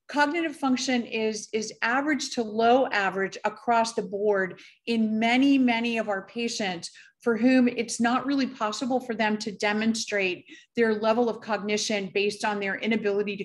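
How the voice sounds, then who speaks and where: Presenting at a conference, this middle-aged female doctor has a medium-pitched voice and a deliberate, cautious delivery. Fillers and pauses come up often.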